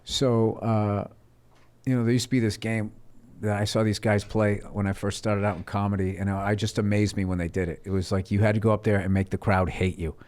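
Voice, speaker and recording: A man, a guest comedian on a podcast, telling stories in a profane, animated way and acting out the people in them. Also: lowish voice, fairly quick. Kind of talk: casual comedy podcast chat.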